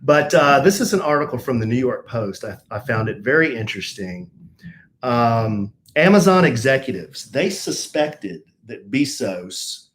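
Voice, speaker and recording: A middle-aged man co-hosting a casual live stream, teasing and dry, reading a news article with halting fillers. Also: medium pitch, sing-song, fairly bright tone. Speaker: radio show co-host.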